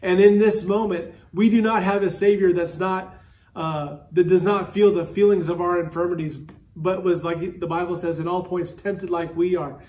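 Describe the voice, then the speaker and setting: A male pastor preaching a sermon earnestly, slowing and dropping low on key words. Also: steady tone, darkish tone, recorded from a distance. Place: church sanctuary.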